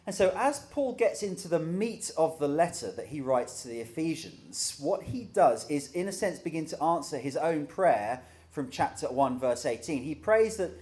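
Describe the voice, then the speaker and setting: A man's voice: fairly high pitch, big pitch swings, moderate pace, hardly any pauses, darkish tone. A middle-aged man preaching a sermon in a conversational way, with dry humor.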